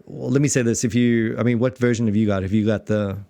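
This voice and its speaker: A man's voice: medium pitch, steady tone, quick pace, vocal fry, warm tone, no echo. A man with a South African accent hosting a casual theology podcast, rambling through his thoughts with fillers and restarts. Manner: rambling, many restarts and fillers, laughs easily. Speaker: podcast host and pastor.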